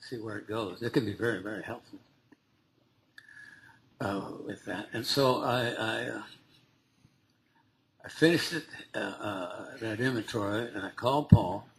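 Low-voiced man telling his recovery story. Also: fairly bright tone, rough recording. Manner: halting, conversational, with frequent restarts and small laughs. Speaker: recovery meeting speaker. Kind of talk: personal recovery story told to a group.

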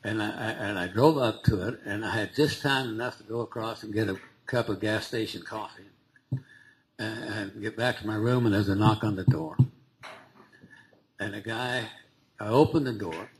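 A man speaking to a recovery meeting, telling his story in a halting, conversational way with frequent restarts and small laughs. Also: fairly low pitch, poor audio. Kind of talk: personal recovery story told to a group.

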